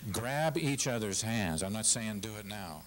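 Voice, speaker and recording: A man's voice: lowish voice, lively intonation, measured pace, a little hiss or hum, low-quality recording. A middle-aged man giving an emphatic, passionate speech at a civic forum, often repeating himself. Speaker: guest speaker. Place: lecture hall with audience.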